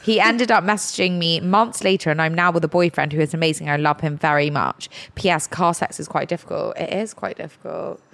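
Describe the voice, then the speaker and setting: A woman's voice: sits low, brisk, gravelly, hardly any pauses, a bit bright. A young woman hosting a podcast, frankly telling dating stories in casual chat. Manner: frank, laughing storyteller. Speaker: podcast host.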